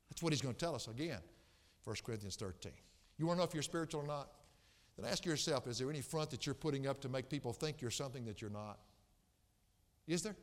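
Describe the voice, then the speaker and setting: A man preaching a sermon as pastor, swinging from soft, low passages to loud, impassioned outbursts. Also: long reverb tail.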